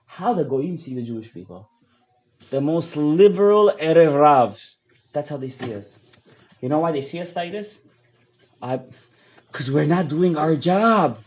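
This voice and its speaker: Impassioned rabbi, high lively voice. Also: male voice, measured pace, long pauses. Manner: impassioned, swings between shouting and hushed asides; mixes English with Hebrew and Yiddish terms. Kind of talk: fiery Torah lecture. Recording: dull lo-fi audio.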